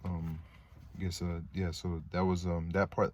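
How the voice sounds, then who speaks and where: A man's voice: sits low, level tone, a little slow, a little mellow, lo-fi sound, slight background noise. A man reading a play aloud and adding casual, profane asides with some hesitation. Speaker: reader.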